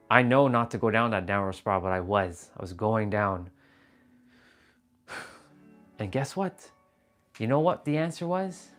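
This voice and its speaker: A man talks casually to his live stream audience, earnest and blunt, with plenty of swearing and repeated phrases. His voice sits at an ordinary middle pitch. Faint music plays behind him. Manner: earnest, swearing, repeats himself, addresses chat viewers as brother.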